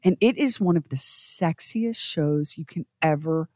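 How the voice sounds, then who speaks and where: A woman co-hosting a chatty podcast, telling stories with animated energy and laughing easily. Her voice sits a little low for a woman and comes through a close mic in a dead, dry room. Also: a little slow, no echo. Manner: chatty, animated storyteller who laughs often. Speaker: podcast co-host. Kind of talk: casual chat.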